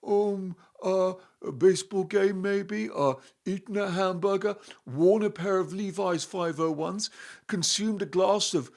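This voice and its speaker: A man doing a mocking impression of a dithering, vacant young man, soft and halting with lots of ums. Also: sits high. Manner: hesitant, halting with ums and uhs.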